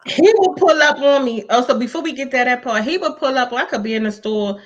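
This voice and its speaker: A woman's voice: sits high, fairly quick. A woman hosting a casual podcast, chatting in slangy speech and acting out quotes as she tells stories. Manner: animated storyteller, slangy, acts out quotes. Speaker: podcast host. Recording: dull lo-fi sound.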